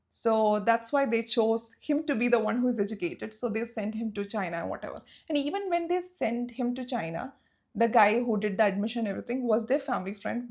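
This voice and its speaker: A woman's voice: fairly high pitch, darkish tone. A young woman from Saudi Arabia telling a personal story in a storytime vlog, emotional and emphatic. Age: young adult.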